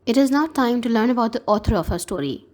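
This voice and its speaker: A woman with a Pakistani English accent giving a recorded lesson to an eighth-grade class, explaining words slowly and spelling out their pronunciation. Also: on the high side, animated, darkish tone. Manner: slow, careful teacher's delivery spelling out pronunciations. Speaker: teacher.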